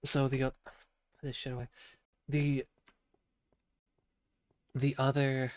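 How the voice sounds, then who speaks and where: A man talks in a loose, profane ramble, stumbling and restarting his sentences. His voice is croaky from being sick. The recording is dry and close, with no room sound. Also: mid-range voice, flat delivery, slow pace, no room sound. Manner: rambling, profane, self-interrupting. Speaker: podcast host. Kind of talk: rambling casual monologue.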